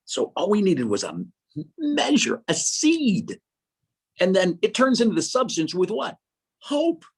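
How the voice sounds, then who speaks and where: Excitable husky man telling faith stories. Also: sits high, a little slow. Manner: excitable, acts out quoted voices. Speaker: guest speaker. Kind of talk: animated faith talk.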